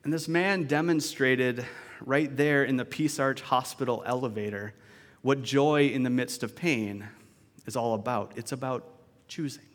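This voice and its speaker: Man, pastor, conversational sermon, mid-pitched voice, long church-hall reverb. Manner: conversational and reflective, with restarts and asides.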